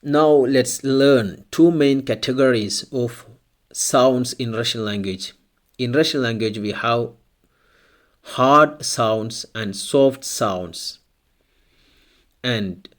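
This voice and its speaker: A man with a mid-pitched voice teaches a language lesson at an unhurried pace. He explains step by step and says each example word twice for the learner. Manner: slow, deliberate, repeats example words twice.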